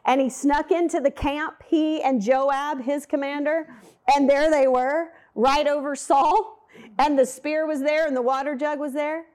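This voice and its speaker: A woman teaching a Bible lesson in a casual, animated, conversational way with playful asides. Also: high voice, unhurried.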